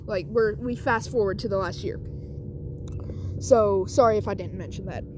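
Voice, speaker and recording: A woman's voice: medium pitch, moderate pace, noisy background. A woman casually retelling a fan story, rambling and correcting herself with many fillers.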